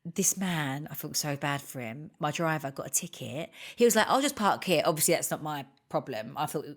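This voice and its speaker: A woman's voice: low voice, normal speed. A woman co-hosting a podcast, telling an anecdote in casual chat and acting out the people she quotes. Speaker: podcast co-host.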